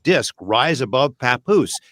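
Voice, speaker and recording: A man's voice: medium pitch, sing-song, slow, fairly bright tone, slight background noise. Man narrating an archive news report.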